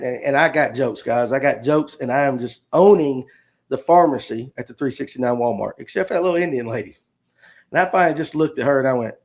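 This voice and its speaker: A man's voice: on the high side, vocal fry. A man, hosting a livestream and telling a rambling, jokey story straight to his viewers. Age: 50s. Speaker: podcast host.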